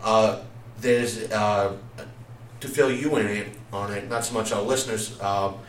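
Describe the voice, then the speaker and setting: A man's voice: lowish voice, steady tone, unhurried. Male podcast host, loose and rambling, recorded far off the mic in a roomy space. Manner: rambling, many filler sounds and restarts. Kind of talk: casual chat. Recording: echoey room, distant mic, faint noise.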